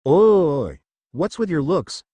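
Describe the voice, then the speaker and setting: A man's voice: mid-range voice, sing-song, moderate pace, no echo. A man voicing an impatient young male gunfighter who talks bluntly and sounds irritated, in a fan storybook reading. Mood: annoyed.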